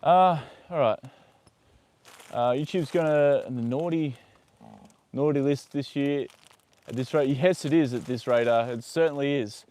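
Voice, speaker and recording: A man's voice: mid-range voice, a little slow, pauses often, a little mellow. A man live-streaming casually as he tends a horse's leg, muttering, swearing and chatting to viewers and the animal. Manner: swears freely, mutters while working, talks to his horse. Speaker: livestreamer caring for a horse.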